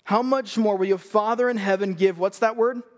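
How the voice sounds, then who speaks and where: A man in his thirties preaches from a church stage with a strikingly high voice. He talks to the crowd in a chatty, energetic way, breaking into jokes. The sound rings with a long hall reverb. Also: normal speed. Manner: energetic, joking, conversational. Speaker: youth pastor. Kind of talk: sermon.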